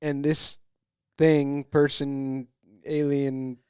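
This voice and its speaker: A man's voice: mid-range voice, flat delivery, extremely slow, dark tone, clear, resonant tone, no echo, studio quality. A man co-hosting a podcast in casual chat, asking questions and cracking wry jokes. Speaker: podcast co-host.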